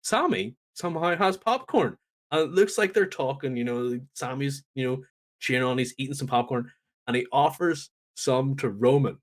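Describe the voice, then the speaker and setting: A man's voice: medium pitch, normal speed. A man co-hosting a podcast, chatting casually and animatedly as he recaps events and acts out what people said. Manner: animated storyteller, acts out quotes. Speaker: podcast co-host. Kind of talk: casual wrestling recap chat.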